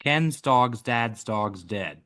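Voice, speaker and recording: A man's voice: mid-range voice, expressive, takes it slowly, bright, forceful tone. A man co-hosting a podcast, hesitantly trying out a voice exercise. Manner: hesitant, unsure. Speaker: podcast co-host. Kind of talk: casual chat, voice practice.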